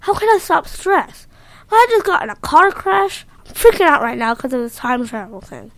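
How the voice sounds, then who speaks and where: A nervous, excitable boy who travels through time, his voice high and lively in a storybook reading, as a woman puts him on. He talks in quick, breathless bursts when things go wrong. The sound is dry and close. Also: no echo. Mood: worried.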